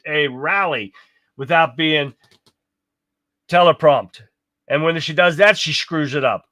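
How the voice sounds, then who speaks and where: A man's voice: on the high side, sharp tone, no room sound. A man hosting a live stream, reacting with heated, profane rants and talking to his chat viewers. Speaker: livestream host.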